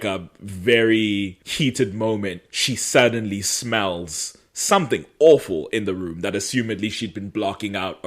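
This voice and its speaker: A man co-hosting a podcast, casually recapping a TV episode as an animated storyteller. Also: sits low. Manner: animated storyteller, acts out quotes dramatically. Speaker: podcast co-host. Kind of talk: casual chat recapping a TV show.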